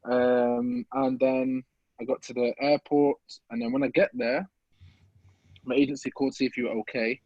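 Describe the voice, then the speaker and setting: A young man with a Midlands accent tells a long story as a podcast guest, full of energy and acting out other people's voices. His voice sits at a middle pitch. The sound is dry and a little muffled. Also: steady tone, normal speed, dry recording. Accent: English Midlands. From England. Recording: slightly muffled dry recording.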